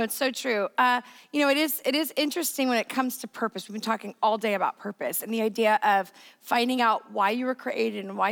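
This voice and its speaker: A woman's voice: fairly high pitch, vocal fry, a bit bright, big-room sound. A woman hosting a panel conversation, upbeat and encouraging toward her guests. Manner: upbeat and encouraging, quick to laugh along. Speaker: host.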